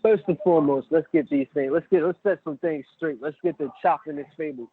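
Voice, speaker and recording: Man, podcast guest, animated storyteller, phone-quality audio, higher pitch. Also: brisk. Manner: animated storyteller, acts out quotes. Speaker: guest, battle rap event host. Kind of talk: casual podcast chat. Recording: tinny phone-like line.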